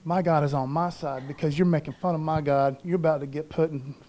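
Brief: male preacher as a defiant young shepherd boy, confident and quiet. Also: a little high, steady tone, fairly quick, pitched below the performer's own voice, close to an everyday voice. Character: bold young shepherd boy facing a giant.

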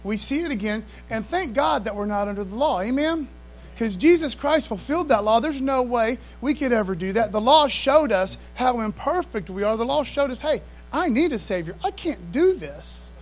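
A man with a notably high speaking voice delivers a sermon. He talks to the congregation in a relaxed, conversational way. He leans hard into emphatic points and keeps asking for call-and-response replies. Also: normal speed, rough recording. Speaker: pastor.

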